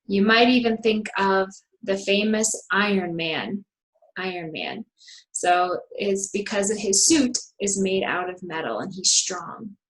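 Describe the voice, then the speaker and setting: Woman teacher, slow and deliberate, models sentences with exaggerated intonation, mid pitch. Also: lively intonation, poor audio. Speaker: English teacher. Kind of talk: slow, clearly enunciated vocabulary lesson.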